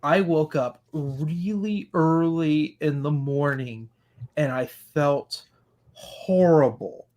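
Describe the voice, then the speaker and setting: A man's voice: a little high, takes it slowly, darkish tone. A man hosting a casual podcast chat, talking in an earnest, reflective way. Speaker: podcast host.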